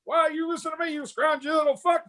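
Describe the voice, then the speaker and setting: A man's voice: extremely high pitch, steady tone, fast, pitched above the performer's own voice. A man voicing a vulgar, screaming male military drill sergeant who barks insults during a comedy story on a video call. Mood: furious. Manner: shouted insults, barked.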